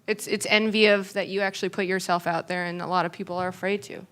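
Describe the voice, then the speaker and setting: A woman's voice: lowish voice, level tone, fast talker, a bit bright. A woman on a panel speaking frankly and giving advice. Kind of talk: panel discussion.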